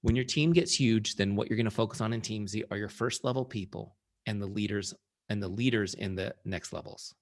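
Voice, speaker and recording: Gravelly low-voiced man coaching a team. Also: a little fast. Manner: energetic, conversational, often checks in with the audience. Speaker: founder and sales trainer. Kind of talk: live training presentation.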